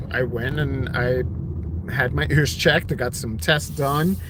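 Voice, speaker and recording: A man's voice: on the high side, fairly bright tone, a little hiss or hum. A man in his thirties talking casually on a live stream about his own story, rambling with lots of fillers and restarts. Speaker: vlogger sharing his hearing story.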